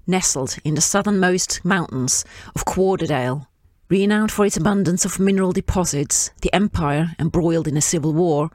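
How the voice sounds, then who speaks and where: A woman reading her own fiction aloud in a measured, descriptive way. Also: lowish voice, a little mellow, dry recording, studio quality.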